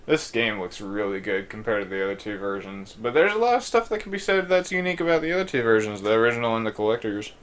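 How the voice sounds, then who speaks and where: A man's voice: lowish voice, animated, fast, few pauses, fairly bright tone. A young man casually commenting on a video game he is playing, rambling and reading game text aloud. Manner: loose, with frequent restarts and fillers. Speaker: let's play gamer.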